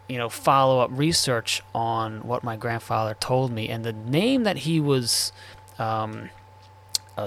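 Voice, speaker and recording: A man narrating after an archival family recording, explaining the background in a measured way with occasional fillers. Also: mid-range voice, vocal fry, fairly bright tone. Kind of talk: reflective podcast narration.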